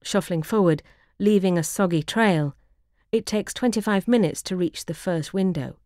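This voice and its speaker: Reading her travel memoir aloud as an audiobook, the author speaks in a very low, warm voice with a measured, dry wit. The sound is close and dry, without any echo or sense of the room.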